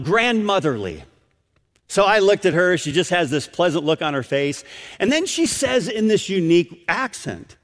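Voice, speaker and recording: A middle-aged man preaching a sermon, telling a story and acting out the voices of the people in it. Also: sits high. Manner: animated storytelling, acts out voices. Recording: long hall reverb.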